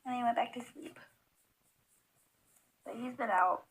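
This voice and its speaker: A woman's voice: on the high side, a little slow, slight background noise, poor audio. A young woman chatting casually at home while filming her pet monkey, coaxing it and laughing often. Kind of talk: casual chat. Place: home room.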